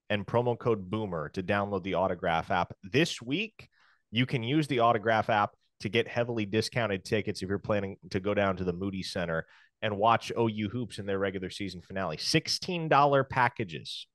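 A man's voice: on the low side, moderate pace, fairly bright tone, no room sound, clean studio sound. A man co-hosting a sports podcast, talking casually with wry humor. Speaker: podcast co-host. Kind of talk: casual sports chat and ad reads.

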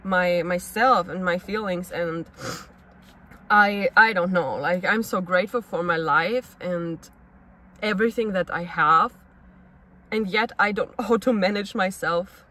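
A woman speaks in a personal confessional vlog, her voice bright and sharp. She sounds restless and searching, piling one question on the next as she talks things through. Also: fairly low pitch, a little slow, poor audio. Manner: searching, restless, asks herself many questions. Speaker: actress and vlogger.

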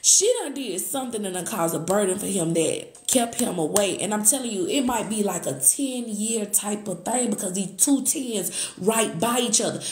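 A woman doing a live tarot reading, excitable, gasping and thanking viewers as she goes. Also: medium pitch, noisy background. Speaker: tarot reader. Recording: echoey room.

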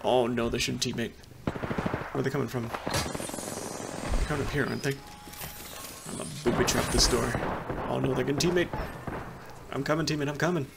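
A man giving excitable, panicky live commentary on his own gameplay, muttering to himself between outbursts. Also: medium pitch, normal speed, creaky, long pauses, heavy background noise. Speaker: gameplay streamer. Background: loud gunfire from the game.

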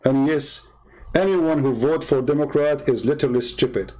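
Combative Arabic-accented man, higher voice. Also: normal speed, darkish tone, poor audio. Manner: combative, mocking, name-calling. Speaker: online commentator. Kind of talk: heated political monologue.

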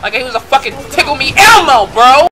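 A man giving live gameplay commentary, excitable and profane, muttering one moment and shouting the next. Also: extremely high pitch, brisk, noisy background.

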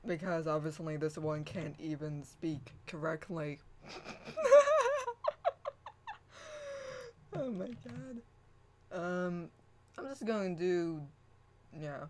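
A woman's voice: sits low, slow pace, a little mellow, a little hiss or hum. A woman hosting her own channel, chatting casually, laughing often and restarting her sentences. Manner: laughing, rambling, with repeated restarts. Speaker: channel host. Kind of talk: casual vlog chat.

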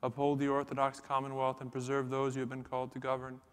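A man chanting psalms at a church liturgy in a steady, unwavering monotone. His voice is smooth and resonant at a middle pitch. The long reverb of the church hangs after every phrase. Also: quick pace.

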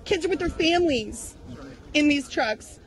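A woman in her thirties confronting a news crew outdoors at a protest, accusing them with rapid rhetorical questions. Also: high voice, expressive, a little hiss or hum, low-quality recording. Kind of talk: heated street confrontation.

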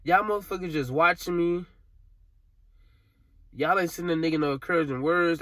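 A man's voice: on the high side, normal speed, long pauses, a bit bright, no echo, studio quality. Tearful young man venting. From Alabama, USA. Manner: frustrated, rambling, profane, slangy. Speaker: vlogger. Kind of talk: emotional vent to camera.

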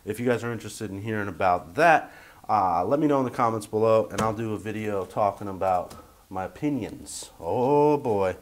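A man's voice: lowish voice, brisk. Rambling, jokey male vlogger. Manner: rambling and jokey, many fillers and restarts. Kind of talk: casual talk to camera. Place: tiny house.

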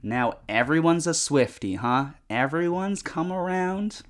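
A man's voice: fairly high pitch, expressive, measured pace. A young man chatting casually while playing a game, rambling with lots of fillers and swearing at the game. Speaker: gaming vlogger. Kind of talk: casual chat over gameplay.

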